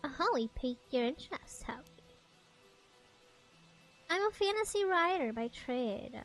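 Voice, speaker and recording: Woman voicing a pompous theatrical gentleman writer. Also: sits high, expressive, a little slow. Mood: grandiose. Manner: flowery, theatrical old-fashioned phrasing. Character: pompous eccentric male fantasy writer, theatrical.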